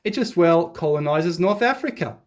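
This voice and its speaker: A man reading an article aloud and rebutting it as a history commentator, excitable and sarcastic, with sudden jumps in pitch when he stresses a point. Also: normal speed.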